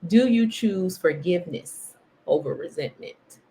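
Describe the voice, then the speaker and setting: A woman's voice: on the low side, expressive, a little slow, mellow, slight background noise. A woman hosting a faith podcast, chatting casually and self-mockingly while reading from a devotional. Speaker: podcast host.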